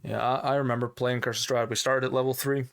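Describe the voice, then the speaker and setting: A man with a Scottish accent, a game master chatting casually about running games, relaxed and self-deprecating, with casual swearing. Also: mid-range voice, fast, gravelly. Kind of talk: casual chat.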